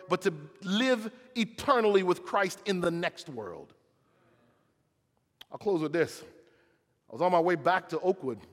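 A pastor preaching a sermon, telling a story with dramatic swings from loud to hushed. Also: male voice, high-pitched. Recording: long hall reverb.

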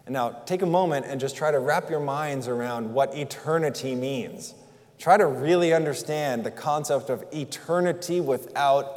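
Male pastor, earnest conversational sermon, fairly high voice, reverberant hall. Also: a little mellow. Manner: earnest, conversational preaching with rhetorical questions. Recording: long reverb in a large hall.

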